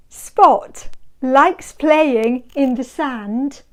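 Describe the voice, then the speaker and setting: A woman's voice: high-pitched, very slow. A woman reading a children's picture book aloud in a sing-song way, asking her young listeners questions as she goes. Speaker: storyteller.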